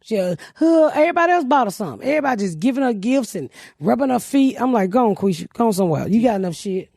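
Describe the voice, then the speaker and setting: A brash woman host telling raunchy stories with plenty of laughs. Her pitch swings widely as she talks, and her voice sits close and dry with no room around it. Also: expressive, fast talker, vocal fry, no room sound. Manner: profane, loud storytelling with laughs. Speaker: podcast host. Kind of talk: casual comedic chat.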